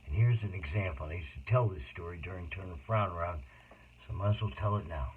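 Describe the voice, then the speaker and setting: Emotional low-voiced man on a tinny line. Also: fast. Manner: emotional, rambling, with sudden loud outbursts. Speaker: autobiographical storyteller. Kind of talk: personal storytelling monologue. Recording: tinny phone-like noisy recording.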